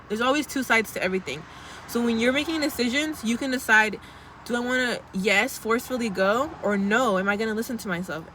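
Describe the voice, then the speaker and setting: A woman's voice: medium pitch, fairly bright tone, slight background noise. A young woman in casual, blunt pep-talk mode, chatty and sweary, calling her viewers girl as she vlogs. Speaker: vlogger.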